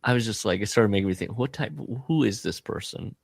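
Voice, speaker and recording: A man's voice: on the low side, fairly quick, gravelly, dry recording. A man hosting a podcast, chatting casually about a film and acting out the characters' lines as he retells it. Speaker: podcast host.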